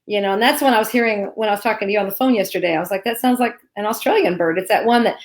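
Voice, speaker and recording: A woman's voice: medium pitch, rapid-fire. A woman from Arkansas co-hosting a live spiritual Q&A, talking in a reassuring, chatty way and laughing often. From Arkansas, USA. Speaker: co-host. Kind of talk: live Q&A chat. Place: home.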